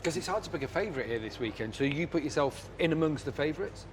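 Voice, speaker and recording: Quick male interviewer in outdoor noise. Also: a little high, animated. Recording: noisy outdoor paddock interview.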